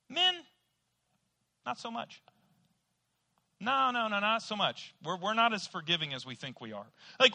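A male preacher delivers a sermon in a high, very bright and forceful voice. He drops to near-quiet confession, then swells to loud emphasis. He tells playful stories. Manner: playful storytelling, acting out voices in quotes. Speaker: pastor.

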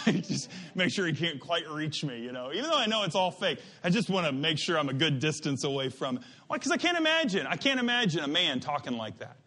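Bright-voiced animated preacher. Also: male voice, a little high. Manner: animated, digressive, emphatic with many restarts. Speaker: pastor. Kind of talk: sermon.

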